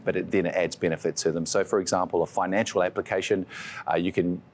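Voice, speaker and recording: Brief: New Zealand man, very low voice, tech executive explaining things earnestly in an interview. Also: steady tone, fast talker, a little hiss or hum. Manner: earnest, explanatory, with frequent restarts. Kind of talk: interview answers.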